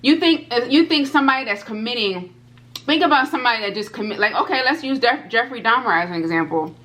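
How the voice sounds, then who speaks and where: A woman vlogger telling a personal story to her viewers, animated and repeating herself, talking straight to the audience. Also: fairly high pitch, quick pace. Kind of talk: storytime vlog.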